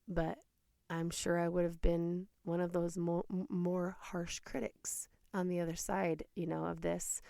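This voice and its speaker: A woman's voice: on the low side, gravelly, darkish tone, dry recording, clean studio sound. A woman in her thirties hosting a podcast, talking earnestly and emotionally about hard times, sometimes dropping to a near whisper. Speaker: podcast host. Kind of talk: personal reflective monologue.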